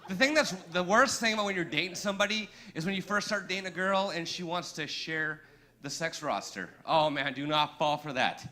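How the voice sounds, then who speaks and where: A man's voice: fairly high pitch, fairly quick, pushed and bright. A young man performing a crude stand-up comedy set, telling brash stories with acted-out dialogue on a comedy club stage.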